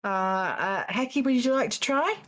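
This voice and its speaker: A woman hosting a live charity game stream, reading donations and calling on players in a calm, polite way. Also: a little high, normal speed.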